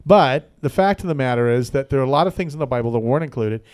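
A man's voice: medium pitch, animated, fast, darkish tone, clear, resonant tone. A man hosting a local radio talk show, telling a rambling joke with lots of fillers and asides. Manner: joking, rambling storyteller with many fillers. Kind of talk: casual radio chat. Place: radio studio.

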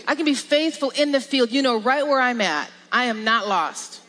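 A woman pastor giving a lively, emphatic sermon with repetition and laughs. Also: on the high side, normal speed, few pauses. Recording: long reverb of a large hall.

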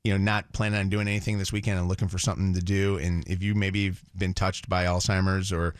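A man hosting a morning radio show. He has a very deep voice and talks in an upbeat, encouraging way. He is close and dry on a studio mic. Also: little pitch movement, dry recording. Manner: upbeat, quick plugs, encouraging. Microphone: studio microphone.

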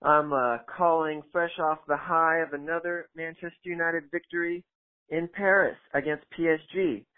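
A man's voice: fairly high pitch, steady tone, moderate pace. Upbeat man over a tinny phone line. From United States. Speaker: caller. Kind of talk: recorded voicemail question.

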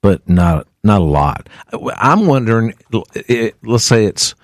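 A man's voice: lowish voice, sing-song, slow, no room sound, studio quality. A man from Georgia hosting a morning radio show, chatting casually and taking callers. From Georgia, outside Atlanta.

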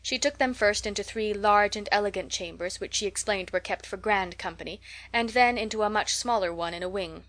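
A woman narrating a classic novel as an audiobook, in steady, even storytelling. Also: medium pitch, fairly quick. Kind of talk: scripted narration.

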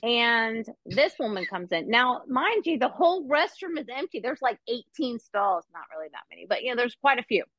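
Woman host chatting, high-ish voice, swears a lot, laughs a bunch, dry kinda dull audio. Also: normal speed, hardly any pauses, dry recording. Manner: animated, profane, laughs often. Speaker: podcast host. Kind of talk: casual storytelling chat.

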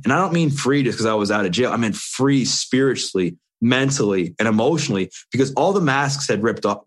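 A man in an interview, earnestly telling his own story in short, run-on phrases. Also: mid-range voice. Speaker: interview guest. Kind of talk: candid personal storytelling.

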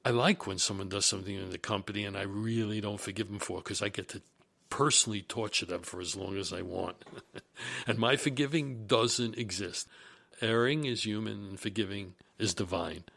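A man who is a business executive, telling career stories in a deliberate, emphatic and animated monologue. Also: fairly low pitch, vocal fry. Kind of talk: storytelling monologue.

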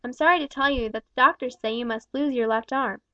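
A woman voicing a kind young gentleman who speaks gently and with concern. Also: high voice, fairly quick, dry recording. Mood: gentle, sad. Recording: dull, dry recording.

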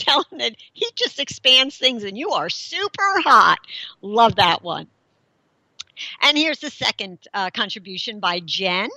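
A woman's voice: on the high side, very animated, moderate pace, pushed and bright, no room sound. A middle-aged woman hosting a talk show, chatting casually, laughing often and explaining with everyday examples. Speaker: host.

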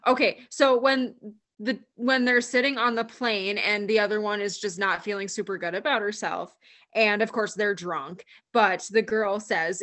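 A woman co-hosting a podcast with a bright, forceful voice. She talks in casual, chatty fashion and often fills with "like". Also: medium pitch, fairly even intonation, moderate pace. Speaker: podcast co-host. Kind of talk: casual chat.

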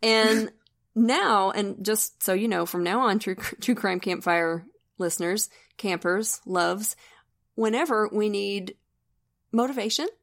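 Woman host, true crime podcast, chatty and wry, mid-pitched, laughs a lot. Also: slow, creaky. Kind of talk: casual true crime storytelling.

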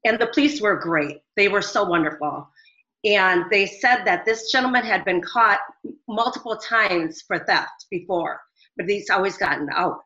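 Woman, middle-aged, bright forceful tone, dull lo-fi sound, earnest rambling storytelling. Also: mid-range voice, lively intonation, normal speed. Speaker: business owner caller. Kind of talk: phone-in interview. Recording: dull lo-fi audio.

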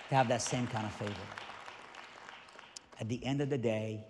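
A male pastor preaching a sermon with animated, emphatic storytelling, recorded in a reverberant church hall. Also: medium pitch, normal speed, pauses often, some chatter behind.

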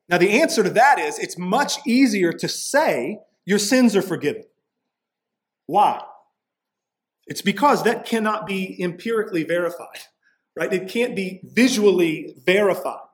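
Speaking a little slowly in a high, expressive voice, this pastor delivers a conversational sermon. He often asks "right?" and gives voice to the people he quotes.

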